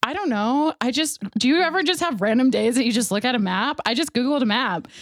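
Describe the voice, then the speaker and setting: A woman's voice: on the high side, expressive, fairly quick, no echo, studio quality. A young woman co-hosting a podcast in casual chat, dropping short reactions, laughing and swearing casually. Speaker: podcast co-host.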